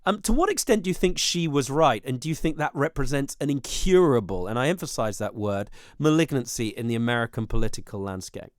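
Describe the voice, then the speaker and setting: Man, TV host, political interview, measured, many fillers, medium pitch, dry close sound. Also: lively intonation, dry recording.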